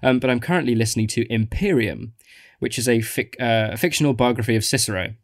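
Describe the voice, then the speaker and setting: İngiliz aksanlı, kuru sesli erkek podcast sunucusu. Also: male voice, medium pitch, quick pace, dry recording, studio quality. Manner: rambling, many restarts and fillers. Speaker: podcast co-host. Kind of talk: casual chat.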